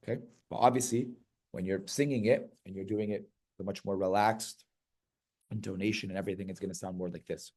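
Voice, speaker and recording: A man teaching a hymn chant step by step, singing short syllable phrases between quiet explanations and often checking in with "right?". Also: sits low, steady tone, brisk. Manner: patient, checks in with "right?" and "okay?".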